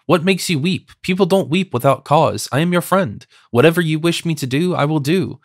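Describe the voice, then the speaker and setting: A man reading an audiobook, voicing a lively young woman who coaxes and teases her friend. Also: fairly high pitch, normal speed, no room sound, studio quality, voice pushed up. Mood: coaxing. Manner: coaxing, insistent.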